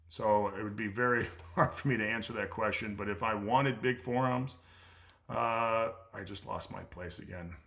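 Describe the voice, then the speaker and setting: A middle-aged American man with a fairly low, slightly bright voice answers viewer questions on a casual livestream. He's a strength coach, and he speaks bluntly, repeats himself, and fills his talk with lots of "uh" sounds.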